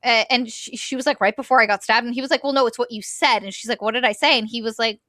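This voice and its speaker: A young woman casually recapping a novel's plot as a podcast co-host, quickly acting out the characters' lines. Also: fairly high pitch, steady tone, bright, forceful tone, no echo, studio quality. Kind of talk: casual book recap chat.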